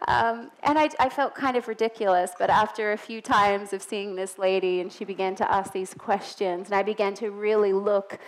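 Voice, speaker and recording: A woman's voice: medium pitch, steady tone, moderate pace, few pauses, low-quality recording. A woman in her thirties preaching a sermon, telling personal stories earnestly with emphatic peaks. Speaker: pastor's wife preaching.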